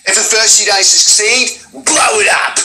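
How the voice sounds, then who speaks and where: A man with an Australian accent doing a shouted, high, manic impression of a crazed male Australian demolition-lover from a game. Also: sing-song, unhurried, reverberant, a little hiss or hum, exaggerated voice.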